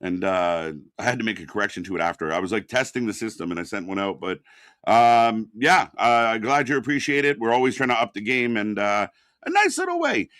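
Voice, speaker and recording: A man with a lowish, very animated voice speaks fairly quickly with a slightly bright tone, recorded dry with clean studio sound. He co-hosts a laid-back live wrestling watch-along, agreeably seconding his partner in brief replies and explaining the chat points contest he runs.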